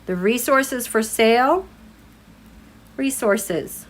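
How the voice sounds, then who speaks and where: A woman giving a live-streamed tarot reading in an animated, exasperated way, speaking straight at the people she reads about. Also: fairly high pitch, drawn-out words. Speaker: tarot reader.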